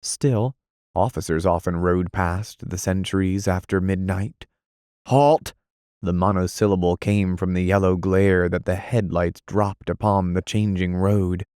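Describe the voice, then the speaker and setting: Deep-voiced guy reading an audiobook, dramatic but measured, no room echo at all. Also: flat delivery, a little mellow, clear, resonant tone, clean studio sound. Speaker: audiobook narrator. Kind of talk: audiobook narration.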